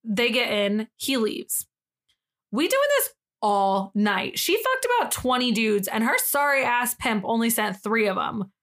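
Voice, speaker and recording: A woman with a somewhat high voice co-hosts a casual podcast. She reads a story thread aloud in an animated, slangy retelling. She breaks into laughter often as she goes. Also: a little slow. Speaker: podcast co-host.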